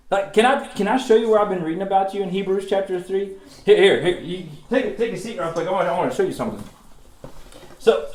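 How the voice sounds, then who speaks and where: A man teaching a playful children's Bible class, excited and goofy, laughing often. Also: on the high side, echoey room. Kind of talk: playful kids' Bible lesson. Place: church classroom.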